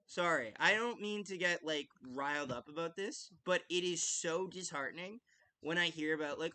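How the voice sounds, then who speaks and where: A man's voice: fairly high pitch, moderate pace, pushed and bright. A man hosting a live hockey watch-along podcast, ranting with passion and swearing, full of "like" fillers and restarts. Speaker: podcast host. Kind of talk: casual live-stream commentary.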